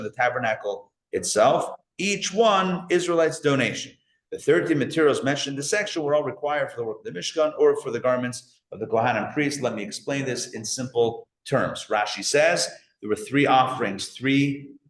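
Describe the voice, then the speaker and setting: A man teaching a live class as a rabbi, animated, asking the audience questions and joking along the way. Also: mid-range voice. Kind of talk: lively live lecture. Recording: echoey room.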